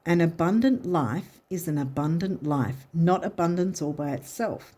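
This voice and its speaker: A woman's voice: on the low side, lively intonation, measured pace, mellow. A woman giving a casual tarot reading, chatty and encouraging, often restarting her sentences. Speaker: tarot and astrology reader.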